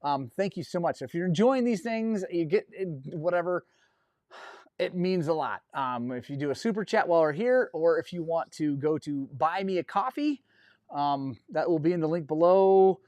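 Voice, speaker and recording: A man talks casually on a live stream, rambling and effusive as he thanks his viewers again and again. His voice sits a bit high. The sound is dry and close to the mic. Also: animated, moderate pace, darkish tone, dry recording. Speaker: host of a dirt bike live stream.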